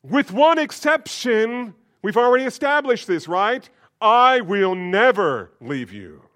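A man voicing a boastful adult male disciple, making loud, emphatic, chest-puffing declarations. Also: medium pitch, flat delivery, normal speed, close to an everyday voice.

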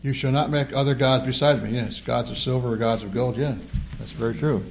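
A man's voice: mid-range voice, fairly even intonation, fairly quick, vocal fry, a little hiss or hum. Emphatic man teaching a Bible class. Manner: emphatic, repeats words when stressing a point.

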